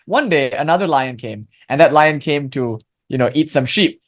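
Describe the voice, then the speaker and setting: A man, a philosopher guest in an interview, telling a parable in an earnest, animated way and speaking with firm conviction. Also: fairly high pitch, normal speed, few pauses. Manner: convinced, emphatic. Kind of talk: storytelling interview talk.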